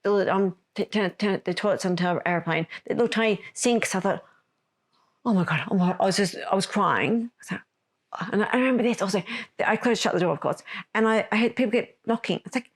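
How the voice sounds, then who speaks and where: A woman's voice: mid-range voice, fast. A woman telling a personal story on a podcast, rambling and correcting herself as she goes. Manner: rambling, self-correcting, emotional retelling. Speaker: podcast host.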